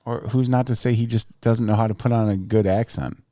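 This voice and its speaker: A man's voice: on the low side, steady tone, brisk, warm tone, no room sound, clean studio sound. A man co-hosting a casual podcast, cutting in with brief questions and remarks. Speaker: podcast co-host. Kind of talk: casual chat.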